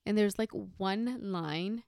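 A woman in her thirties co-hosting a casual podcast, telling a story and getting animated as it builds. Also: slow pace, no echo, clean studio sound. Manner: animated storyteller, rises high when excited. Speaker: podcast co-host.

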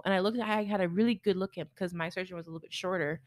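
A young woman co-hosting a podcast, chatting casually and telling stories with lively quoted voices. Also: on the low side, racing, no echo, clean studio sound. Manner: animated storyteller, acts out quoted voices. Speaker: podcast co-host. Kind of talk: casual chat.

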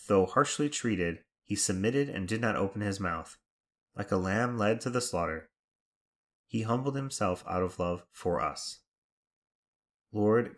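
A man leading devotional prayers and reflections in a measured, reverent recitation. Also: on the low side. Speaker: prayer leader.

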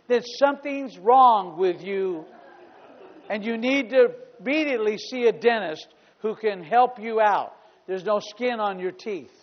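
A man with a very high voice preaching with emphatic repetition, his lines swelling into loud declarations. The sound is dull and muffled, carried in a long echo of a church hall. He leans on each phrase and repeats it. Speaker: pastor. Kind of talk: sermon.

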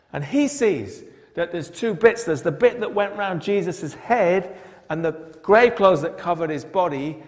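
A man preaches, his voice pitched a little high and his delivery unhurried and deliberate. He retells the Bible story with drama and keeps asking his listeners questions. A long church reverb trails after every phrase. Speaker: pastor. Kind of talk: sermon. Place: large church.

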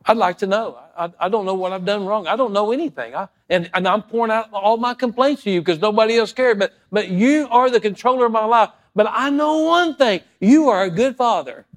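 A male pastor preaches in a high voice at a fairly quick pace with hardly any pauses. He moves from quiet, prayerful talk to loud, fervent passages and acts out stories using character voices.

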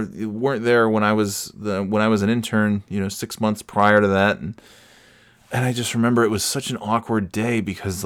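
A man's voice: lowish voice, smooth. A man telling a casual personal story, rambling with many restarts and swearing freely with self-mocking humor.

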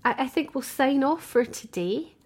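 Over a remote call, a woman co-hosting a podcast chats casually in a high, animated voice at a moderate pace. She's talkative and warm-hearted, laughs often, and restarts her sentences a lot.

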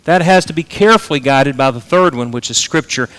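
A man preaches a sermon in a fairly high voice. He swings between loud, emphatic peaks and quiet, low asides. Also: brisk, smooth.

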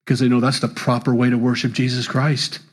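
A man with a husky, slightly breathy voice of average pitch preaches a sermon. He talks in an animated way and his voice jumps sharply upward whenever he stresses a point. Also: fast. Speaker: pastor.

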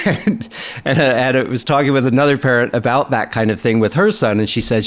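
A man's voice: medium pitch, steady tone, a little fast. A middle-aged man telling a personal story in a candid, casual way, swearing freely and laughing as he goes. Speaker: guest.

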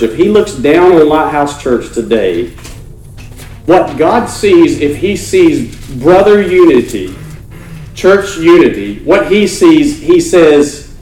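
A man's voice: fairly high pitch, darkish tone, recorded from a distance. A man preaching a conversational sermon to his congregation as their pastor, earnest and repeating words as he restarts phrases. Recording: roomy church echo, faint noise.

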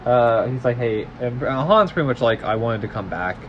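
A man's voice: medium pitch, animated, moderate pace, muffled recording, a little hiss or hum. A man co-hosting a podcast, casually recapping a film in a rambling way, full of fillers and quoted lines. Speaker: podcast co-host.

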